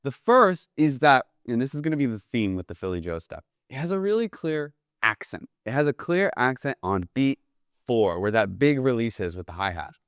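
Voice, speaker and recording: A man teaching a jazz drum lesson in a relaxed, eager way, often checking in with "right?" between drum examples. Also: medium pitch, moderate pace, clean tone, no echo, studio quality. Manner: casual, enthusiastic, keeps asking "right?". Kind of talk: instructional video lesson. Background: drum kit played between phrases.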